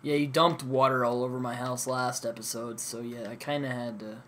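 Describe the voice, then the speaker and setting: A man's voice: mid-range voice, fairly even intonation, a little fast, fairly bright tone, slight background noise. A young man hosting a gaming session, chatting casually with friends in a rambling, hesitant way full of fillers and restarts. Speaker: gaming channel host.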